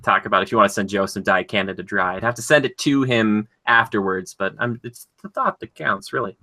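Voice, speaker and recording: A man's voice: lowish voice, fairly quick, sharp tone. A man with an Upper Midwest American accent, co-hosting a podcast and rambling jokily through the sign-off, with many fillers. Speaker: podcast co-host. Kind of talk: casual podcast outro.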